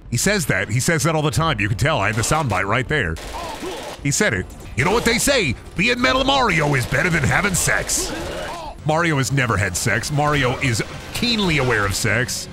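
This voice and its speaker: A man's voice: a little high, gravelly. A man streaming a video game, talking in a crude, rambling, joking way. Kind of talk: gaming stream commentary.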